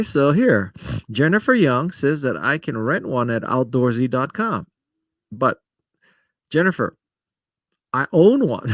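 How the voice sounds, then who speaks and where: A man's voice: mid-range voice, no echo. Rambling middle-aged man on a dry live stream. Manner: rambling, self-deprecating, talks straight to viewers by name. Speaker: host of a live stream answering viewer comments. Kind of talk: casual live-stream chat. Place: home studio setup in front of a camera.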